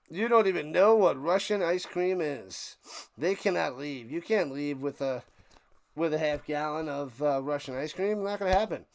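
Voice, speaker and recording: A man's voice: fairly high pitch, unhurried, long pauses. A man hosting a live stream, calling American football play by play with joking, rambling asides. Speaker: play-by-play commentator and stream host. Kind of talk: casual live sports commentary.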